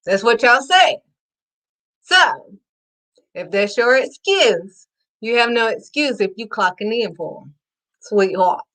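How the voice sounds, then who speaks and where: A woman hosting her own faith talk show, excitedly preaching to her viewers and calling them sweetheart. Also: on the high side, slow pace, long pauses. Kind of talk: casual preaching to camera.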